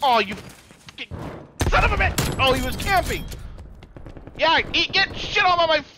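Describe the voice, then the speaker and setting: A man streaming a shooter game, swearing, laughing and shouting taunts at other players over a headset. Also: very high voice, expressive, moderate pace. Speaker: gaming streamer. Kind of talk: excited gameplay trash talk. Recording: noisy game audio in background.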